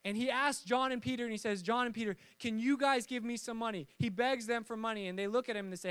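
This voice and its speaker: Animated young pastor with a high voice. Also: male voice, fast talker, few pauses, clean tone, dry recording. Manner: lively storytelling with jokes and acted-out voices. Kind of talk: sermon.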